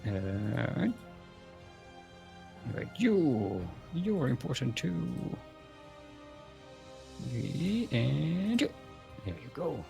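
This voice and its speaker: A man's voice: medium pitch, very animated, very slow, creaky, long pauses, a little mellow, soft background music. Rambling jokey game caster, man. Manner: rambling, jokey, many fillers and restarts. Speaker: esports caster. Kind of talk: solo live game commentary.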